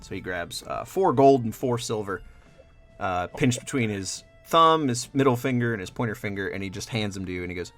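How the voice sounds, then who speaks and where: A man narrating a tabletop game as game master, in a loose, lively storytelling manner. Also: on the low side, a little fast, soft background music.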